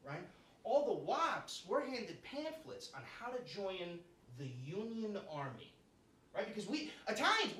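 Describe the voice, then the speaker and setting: A man's voice: high voice, fairly bright tone, a little hiss or hum. A man performing a live stand-up set in a comedy club, brash and profane, tagging his lines with "right?" and "you know?". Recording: echoey club room from far off.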